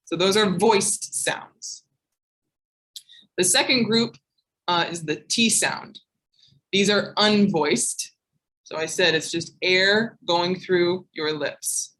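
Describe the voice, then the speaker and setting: Woman, pronunciation teacher, very slow careful delivery, lowish voice, repeats words, online class. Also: fairly bright tone, poor audio. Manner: slow, deliberate, repeats each word twice.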